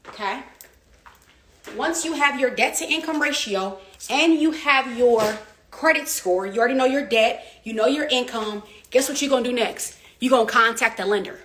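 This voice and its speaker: High-voiced woman preaching real estate motivation. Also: lively intonation, normal speed, a bit bright, a little hiss or hum. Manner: preachy, emphatic, repetitive call-and-response. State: getting out of breath. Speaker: real estate coach and agency owner. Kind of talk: motivational livestream talk.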